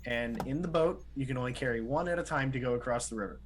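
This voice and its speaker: A man's voice: mid-range voice, fast talker, low-quality recording. A man co-hosting a casual podcast, earnest and explanatory as he tells a story at length. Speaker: podcast co-host. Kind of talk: casual chat.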